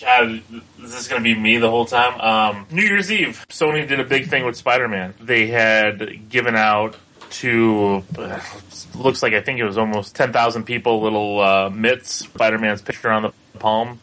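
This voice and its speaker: A man's voice: lowish voice, moderate pace, bright, forceful tone, poor audio. A man with a young son, co-hosting a casual podcast, rambling with lots of ums and restarts. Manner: rambling, many fillers and restarts. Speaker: podcast co-host. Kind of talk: casual chat.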